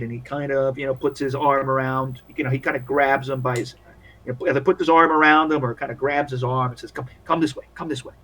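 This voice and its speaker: Narrating a tabletop role-playing game as game master, this man has a medium-pitched, slightly bright voice. His delivery rambles and stalls, with many restarts.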